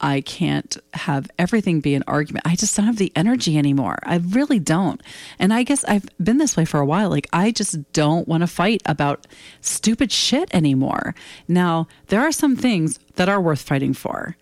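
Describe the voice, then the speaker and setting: A woman in her fifties with a lowish voice, hosting a solo talk show and speaking bluntly and candidly. She swears casually and lets her feelings show. The sound is dry and close, with no room around her. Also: expressive, normal speed, a little mellow, dry recording. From United States. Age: 50s. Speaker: podcast host.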